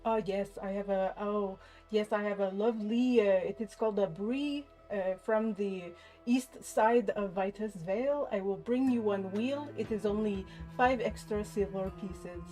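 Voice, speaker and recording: A woman voicing a fawning, obsequious male elven concierge with a put-on French accent, full of drawn-out hesitations. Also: mid-range voice, warm tone, faint music behind, lightly acted. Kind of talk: tabletop role-play voicing.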